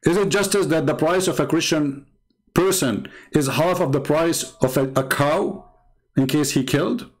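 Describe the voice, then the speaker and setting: A man hosting a livestream with a fairly high voice. He talks in a mocking, sarcastic way and leans hard on his emphasis. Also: normal speed. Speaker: host. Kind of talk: livestream commentary.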